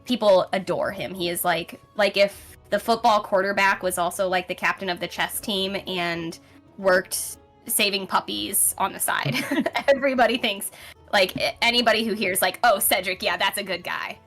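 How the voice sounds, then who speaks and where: A woman's voice: mid-range voice, fairly even intonation, moderate pace, fairly bright tone, faint music behind. Chatty woman narrating a tabletop game. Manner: casual, rambling, with many fillers. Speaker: game master.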